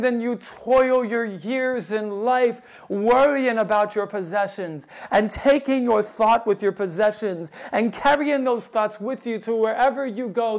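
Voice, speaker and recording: A man preaching a sermon, quoting old scripture wording and building to loud, emphatic appeals to his listeners. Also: high-pitched.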